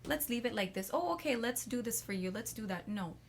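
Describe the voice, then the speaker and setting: A woman's voice: fairly high pitch, lively intonation, a little fast. A woman on a podcast as a guest, talking at length about herself in a rambling, self-assured way, full of "like" fillers. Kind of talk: casual chat.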